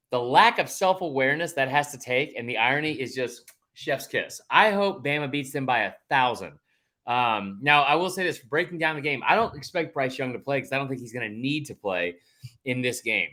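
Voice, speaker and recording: A man's voice: mid-range voice, sharp tone. A man co-hosting a sports podcast in casual chat, heated and emphatic, rambling through fillers and restarts and swearing when he gets fired up. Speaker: podcast co-host.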